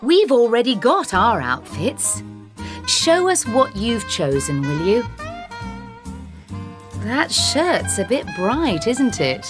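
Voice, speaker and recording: Bossy teasing mum, slow and lively, music under it. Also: female voice, on the high side. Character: bossy mother shopping with her son. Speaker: mother in dialogue. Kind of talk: textbook dialogue animation.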